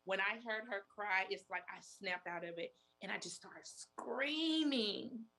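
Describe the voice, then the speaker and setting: A woman in her forties speaks as a guest, sharing a hard personal story. She is emotional and retells old conversations line by line, with plenty of repeats, in a voice of ordinary pitch. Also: unhurried, bright, forceful tone. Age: 40s. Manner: emotional, retells talks in quotes with many repeats.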